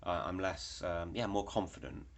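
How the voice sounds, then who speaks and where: A man's voice: low voice, moderate pace. A young man telling a story in a rambling, casual way, with lots of fillers and swearing. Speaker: vlogger.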